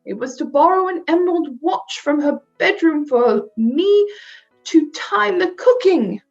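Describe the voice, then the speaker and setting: Brief: woman reading as an anxious, weepy small mother; high, swooping, emotional; dull audio, soft music underneath. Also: animated, unhurried, gravelly, exaggerated voice. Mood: fretful. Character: fretful, tearful little mother, fussy and anxious. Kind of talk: storybook read-aloud.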